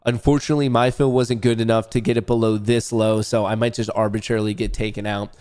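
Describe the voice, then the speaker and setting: A man's voice: fairly low pitch, flat delivery, fast talker, darkish tone, clean tone. Joking man live-streaming his day trades. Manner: loose, joking, swears, talks to chat. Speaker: livestream day-trading host. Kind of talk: casual live trading commentary.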